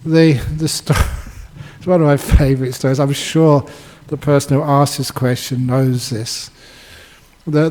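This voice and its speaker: An older man, a Buddhist monk, giving a dharma talk with lively storytelling and chuckles. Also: fairly high pitch, rough recording. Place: Buddhist centre.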